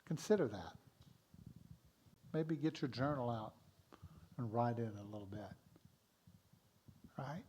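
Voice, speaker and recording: A male minister delivering a sermon at an unhurried, measured pace. His voice sits at an ordinary pitch and his manner is gentle and encouraging. He speaks in a church sanctuary. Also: a little hiss or hum.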